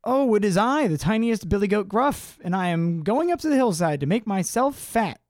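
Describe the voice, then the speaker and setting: A man voicing the smallest billy goat, a timid little creature with a small high voice. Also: lively intonation, moderate pace, no echo, studio quality. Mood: pleading. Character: tiny timid young billy goat, pleading.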